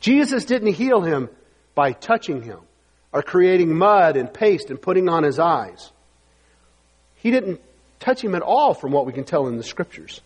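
A man's voice: on the high side, sing-song, measured pace, husky. A man preaching a sermon emphatically in a church and reading scripture aloud. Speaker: pastor. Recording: long hall reverb.

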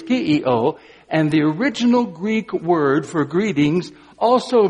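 A man preaching an Easter sermon as pastor, moving from quiet, deliberate emphasis to joyful exclamations. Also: on the high side, expressive. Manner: swings from quiet emphasis to exuberant exclamations, briefly sings. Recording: long hall reverb.

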